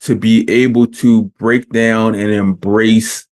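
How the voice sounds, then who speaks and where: Man, podcast host, casual interview, low voice, earnest, measured. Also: little pitch movement, a little mellow.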